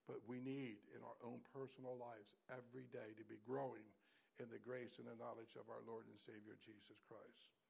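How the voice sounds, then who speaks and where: A male pastor preaching a sermon, swinging from loud exhortation to hushed, near-whispered lines and repeating key phrases to the congregation. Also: medium pitch, flat delivery, moderate pace, vocal fry, husky. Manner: repeats key phrases, addresses listeners as church. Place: church service, also streamed online.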